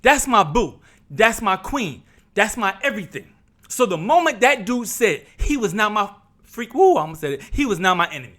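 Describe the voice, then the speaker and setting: A middle-aged man from New Jersey recounts a personal story to his viewers. His voice sits high and swings widely, with a bright edge. He preaches more than he chats, repeating and restarting phrases and calling out to his brothers and sisters. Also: sing-song, normal speed. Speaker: vlogger.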